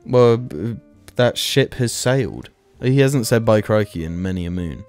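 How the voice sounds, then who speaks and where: A man co-hosts a casual podcast with a lively, up-and-down voice. He tells stories with energy and swears freely, with faint music behind him. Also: on the low side, unhurried. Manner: animated storyteller, swears casually. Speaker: podcast co-host. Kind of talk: casual chat.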